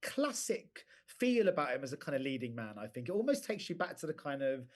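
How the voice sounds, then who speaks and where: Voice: mid-range voice, big pitch swings, fairly quick, a little mellow. An interviewer asking long, rambling questions full of restarts and stumbles.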